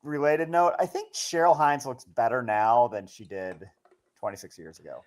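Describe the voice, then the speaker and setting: A man's voice: medium pitch, moderate pace. A man co-hosting a podcast in casual chat, adding dry, wry remarks.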